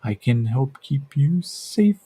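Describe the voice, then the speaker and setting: A man voicing a gentle, curious spider-like creature that speaks into a human's mind slowly and softly. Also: mid-range voice, slightly rough, full character voice. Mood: calm curious. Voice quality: soft and gentle. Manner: slow, measured, calm. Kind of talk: voice heard inside the head.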